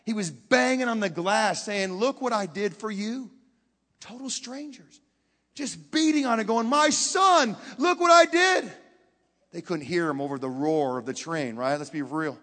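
A man preaching a sermon, telling a story with dramatic swings from hushed to loud and putting questions straight to the audience. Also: high-pitched, moderate pace. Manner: talks directly to the audience with questions. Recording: long hall reverb.

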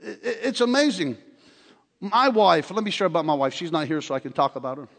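An older man preaching a sermon in a church, telling stories with animated humor. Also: on the high side, normal speed, vocal fry, pauses often. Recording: long hall reverb.

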